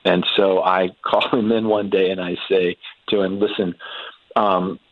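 A middle-aged man with a very low voice recounts a family story at an easy pace, pausing and restarting often. The sound is dry and a little muffled. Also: flat delivery, dry recording. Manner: unhurried, halting anecdote with many restarts and ums. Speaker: guest. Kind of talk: storytelling in casual conversation.

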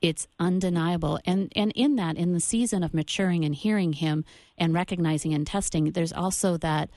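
Low-voiced woman sharing earnest faith testimony. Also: normal speed, warm tone, dry recording, studio quality. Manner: earnest testimony, loose restarts. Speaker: guest. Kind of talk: Christian talk show conversation.

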